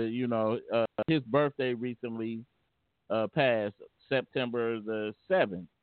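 A man's voice: mid-range voice, dry recording. A man hosting a casual call-in talk show, stammering and repeating words as he goes. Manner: halting, repeats words, laughs often. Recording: tinny phone-like line, dry.

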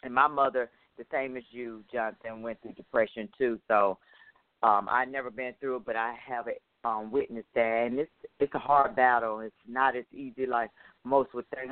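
A man's voice: medium pitch, steady tone, normal speed, no room sound. A male host in a casual interview, chatty and hesitant, laughing often. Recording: tinny phone line.

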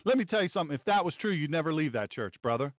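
A sarcastic male pastor hosts a commentary show, repeating himself for emphasis. His voice is high and swings widely. The audio is dry and narrow, like a phone line. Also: sing-song, rapid-fire, no echo. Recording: dry, tinny phone-like sound.

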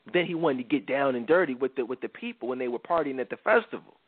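A man's voice: medium pitch, expressive, quick pace, dry recording. A man hosting a talk show, retelling a Bible story in casual slang and acting out the quotes. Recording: dry, phone-like radio sound.

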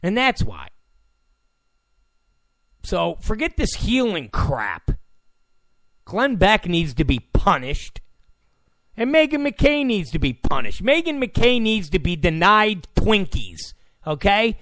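A man's voice: sits high, very animated, takes it slowly, long pauses, a bit bright, no room sound, studio quality. A man hosting a political commentary show, delivering a combative rant and repeating phrases for emphasis. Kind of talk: ranting political monologue.

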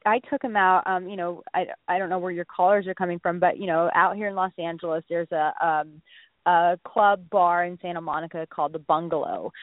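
A woman dating coach on a radio show, telling a lively story and acting out quotes as she goes. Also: on the low side, no echo. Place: Los Angeles area. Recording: phone-line radio call.

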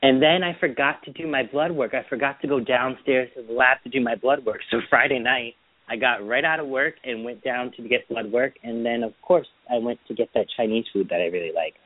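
A man's voice: medium pitch, fairly quick, no echo. A man co-hosting a podcast, chatting casually and telling stories about his weekend, acting out what people said. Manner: chatty storyteller, quotes people in put-on voices. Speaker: podcast co-host. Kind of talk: casual chat. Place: Boston. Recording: dry phone-line sound.

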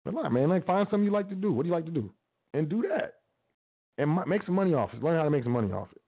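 A man's voice: a little high, big pitch swings, very fast, husky. Man preaching casually over a tinny line. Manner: casual, preachy, repetitive urging. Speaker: podcast host. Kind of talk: motivational talk. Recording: tinny phone-like audio.

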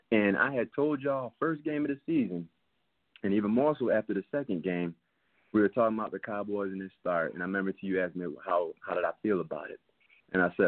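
A man's voice: on the low side, dry recording. A man co-hosting a casual sports talk show from his basement, ranting heatedly. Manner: heated, ranting with rising emphasis. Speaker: podcast co-host. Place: home basement. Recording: tinny phone-line sound.

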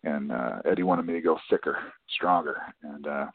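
A low, husky-voiced man, an actor guest on a podcast who rambles loosely and pokes fun at himself. The sound is tinny and phone-like, with no room echo. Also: normal speed. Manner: loose and self-deprecating, many fillers. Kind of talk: podcast interview.

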